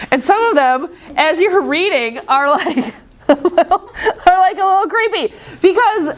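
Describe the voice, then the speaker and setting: High-voiced joking woman teacher. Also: lively intonation, unhurried. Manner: chatty, joking, acts out quoted voices. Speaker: history teacher. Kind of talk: casual classroom lecture. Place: classroom.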